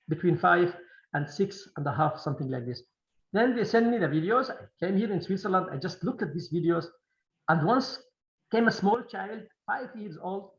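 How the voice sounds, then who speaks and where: A man who speaks Kurdish as his first language, a film director answering questions in a halting Q&A, restarting and repeating words often. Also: high voice, roomy sound, dull audio. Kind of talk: Q&A interview.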